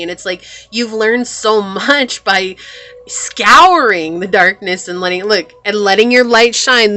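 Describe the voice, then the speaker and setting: A woman's voice: mid-range voice, measured pace, bright, forceful tone. A woman giving a pick-a-card tarot reading in a chatty, reassuring way, full of "like" and "you know". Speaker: tarot reader.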